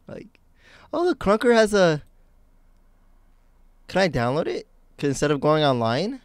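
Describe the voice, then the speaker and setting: A man's voice: on the high side, wildly swooping pitch, unhurried, clear, resonant tone, no echo. A young man from the United States chatting casually while live-streaming games, rambling and self-mocking. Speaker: game streamer.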